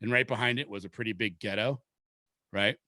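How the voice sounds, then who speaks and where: A man's voice: lowish voice, fairly quick, bright, forceful tone, dry recording, clean studio sound. A man from Seattle telling a long rambling story in casual podcast chat, swearing freely. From Seattle, Washington. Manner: rambling, profane, laid-back storyteller. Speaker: podcast host.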